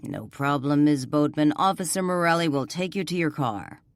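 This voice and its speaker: A woman narrator voicing a calm, authoritative male police chief with a measured delivery. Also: deep voice, no room sound.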